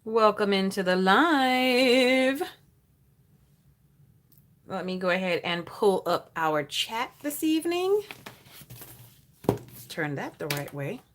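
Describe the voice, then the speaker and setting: A woman's voice: medium pitch, big pitch swings, slow pace, pauses often, fairly bright tone. A woman hosting a casual planner livestream, chatting and greeting viewers by name while laughing often.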